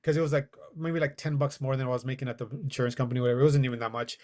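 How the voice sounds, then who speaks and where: A man's voice: medium pitch, fairly even intonation, racing, a little mellow. A man, probably in his forties, telling a personal story as a podcast guest, acting out quoted dialogue and laughing as he goes. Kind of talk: casual storytelling.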